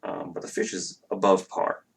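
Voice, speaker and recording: A man running a tabletop game as game master, describing the scene in a casual, halting way. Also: sits low, flat delivery, vocal fry, breathy edge. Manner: casual, halting, many fillers.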